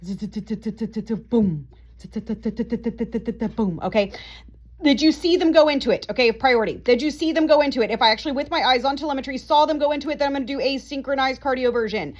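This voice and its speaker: Upbeat woman tutor with a slightly high voice, talks fast, playful storyteller. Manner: fast, chatty, playful, keeps checking with "okay?". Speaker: nursing tutor. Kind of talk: animated teaching with storytelling.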